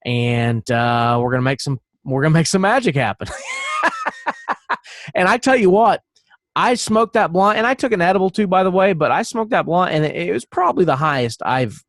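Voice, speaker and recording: A man with a fairly high speaking voice rambles through a story on a podcast, swearing freely and laughing often. The sound is dry and close to the mic, with no room around it. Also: animated, moderate pace, fairly bright tone, no echo. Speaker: podcast co-host. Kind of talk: casual podcast chat.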